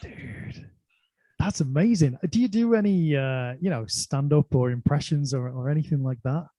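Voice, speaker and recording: A man's voice: on the high side, normal speed, warm tone, no echo. A man hosting a casual interview, asking eager, chatty questions full of fillers. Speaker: interview host.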